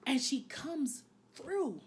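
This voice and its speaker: A woman's voice: sits high, very animated, drawn-out words. Woman doing a chatty anime recap, swears a lot, lots of um's, voice jumps around a ton. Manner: candid, joking, frequently swearing, lots of "um". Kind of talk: casual, chatty episode recap.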